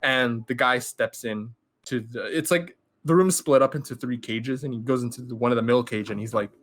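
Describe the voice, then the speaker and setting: A man hosts a podcast and retells a film plot in a loose, rambling flow. He swears in passing and keeps restarting his sentences, like someone caught up in the story. His voice sits at a middling pitch for a man. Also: a little fast, fairly bright tone. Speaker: podcast host. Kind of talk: casual film plot recap.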